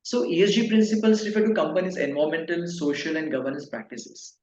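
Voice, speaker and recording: A man in his fifties, a pharma consultancy director answering interview questions in a halting way, with many fillers and restarts. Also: on the high side, animated, darkish tone. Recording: echoey, dull, faint noise.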